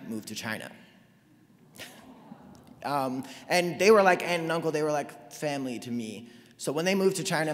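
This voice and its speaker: A man in his twenties from North Carolina, giving a lively, self-deprecating storytelling talk to an audience. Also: mid-range voice. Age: 20s. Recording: long hall reverb.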